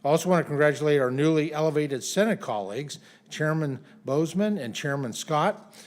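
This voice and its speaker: A man's voice: on the high side, lively intonation, fairly quick. A man, a congressman, giving a statement at a press conference, with many fillers and restarts.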